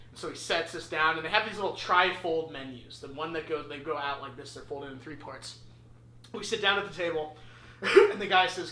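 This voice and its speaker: A young man casually telling a funny story, animated and swearing, acting out the people in it. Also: a little high, fast talker. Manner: animated, swearing, acts out voices. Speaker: podcast host. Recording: echoey room with faint noise.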